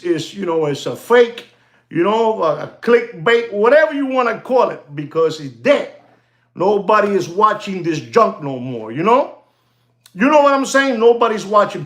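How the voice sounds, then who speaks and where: A man who makes online content, ranting casually to his viewers in a rambling, repetitive way, constantly saying "you know" and calling out "ladies and gentlemen". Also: fairly high pitch, reverberant. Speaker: watch channel content creator.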